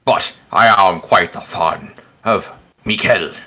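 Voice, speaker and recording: A towering, pompous hippo captain with a bright, forceful voice, drawing out every grand phrase in a tabletop game, as a game master puts him on. He stays courtly and full of himself. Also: low voice, slow pace, voice pushed down, heavily acted. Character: huge pompous male hippo ship captain.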